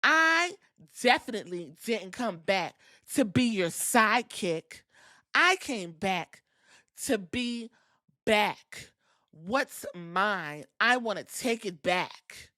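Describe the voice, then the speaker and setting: A woman doing a comic impression of a boastful female wrestler who taunts her rival in a slow, mocking way. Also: medium pitch, expressive, sharp tone, dry recording, studio quality. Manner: slow, mocking, drawn-out delivery.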